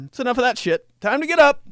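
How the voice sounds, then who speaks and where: Shrill, nagging middle-aged mom barking wake-up orders, put on by a man. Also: animated, fast, gravelly, no room sound, studio quality, heavily acted. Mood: bossy. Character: middle-aged mom rousing her son, bossy.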